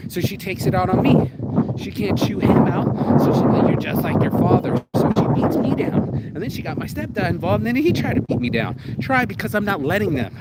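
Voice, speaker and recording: Heavy background noise surrounds a man whose voice is a little high as he walks a rainy street filming his own video. Still shaken from crying, he rambles through a raw, swear-filled, emotional monologue.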